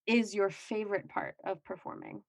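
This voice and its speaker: A woman hosts a podcast interview, chiming in with short, laughing remarks. Her pitch sits in the middle, and the recording is dry with little room sound. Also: fairly even intonation, normal speed, dry recording. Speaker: podcast host. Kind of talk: casual interview talk.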